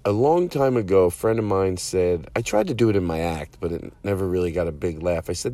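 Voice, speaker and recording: Profane rambling comedian host. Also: male voice, low-pitched, fairly quick, hardly any pauses, warm tone. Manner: profane, self-mocking, trails off in asides.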